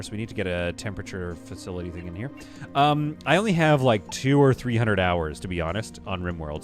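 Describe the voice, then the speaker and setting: A man talks through a live game stream in a loose, rambling way and laughs easily. His voice rises and falls a great deal as he wanders from one thought to the next. Soft game music plays quietly underneath. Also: on the low side. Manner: rambling and chatty, laughs often. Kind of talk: casual live gameplay commentary.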